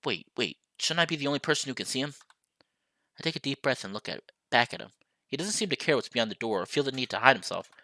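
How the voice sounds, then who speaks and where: A man's voice: medium pitch, lively intonation, fast, sharp tone, no room sound. A young man streaming a visual novel, reading it aloud and chatting to viewers in a playful, apologetic way.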